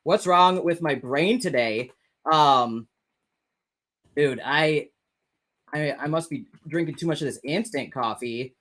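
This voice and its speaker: A man's voice: fairly high pitch, slow pace, pauses often, fairly bright tone, low-quality recording. A man hosting a casual live stream, chatting loosely with viewers, stumbling over words and swearing freely. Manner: rambling, self-correcting, swears casually. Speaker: livestream host. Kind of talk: casual live chat reading comments.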